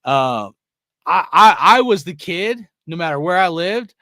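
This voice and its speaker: Young male host, loose profane rambler; bright, dry close sound. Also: high-pitched, very animated, measured pace, dry recording. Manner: profane, rambling, laughs often, says bro and dude. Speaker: sports fan show host. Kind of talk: casual rant to viewers.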